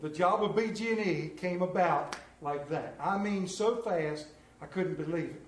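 A man with a high voice preaches a conversational sermon, spinning folksy, humorous stories. The sound carries a roomy church echo. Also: normal speed, slight background noise. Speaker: lay preacher. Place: church sanctuary.

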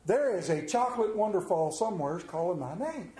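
High-voiced man preaching in an echoey church. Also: animated, a little fast, warm tone, slight background noise. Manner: folksy, humorous storytelling. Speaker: lay preacher. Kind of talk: conversational sermon. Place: church sanctuary. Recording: roomy echo of a church.

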